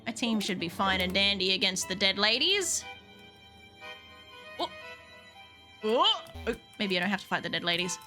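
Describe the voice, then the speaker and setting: A young woman streaming a game, chatting excitedly and swearing freely as she talks to her viewers and the game. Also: mid-range voice, normal speed, long pauses, soft background music. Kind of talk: casual live-stream chat while gaming.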